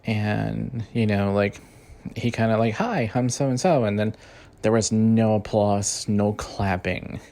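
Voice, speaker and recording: A man with a lowish, gravelly voice vents in a loose, heated rant. He swears constantly and strings thoughts together with fillers, sounding like an unscripted host talking straight to his audience. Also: steady tone, slow, a little mellow. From Mexican-American. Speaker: podcast host. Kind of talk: profane casual rant.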